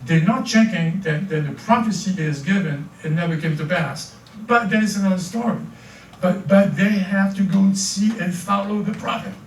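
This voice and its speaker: An older man with a French accent preaches in a high voice, tripping over his words and repeating them as he builds his points. He is heard from a distance in an echoey church hall, with a faint hiss of room noise. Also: moderate pace. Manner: repeats words, stammering restarts, animated. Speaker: pastor. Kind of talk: sermon.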